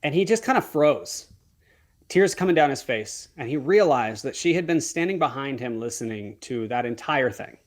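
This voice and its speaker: A man's voice: medium pitch, lively intonation, normal speed. A man, a wedding photographer and podcast guest, telling a story in an earnest way, often restarting and correcting himself and acting out remembered dialogue. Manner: acts out remembered dialogue as he talks.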